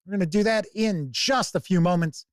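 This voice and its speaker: A man hosting a tabletop gaming livestream in casual, unhurried chat. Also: sits high, no room sound, studio quality. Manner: unhurried, relaxed talk with fillers. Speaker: host.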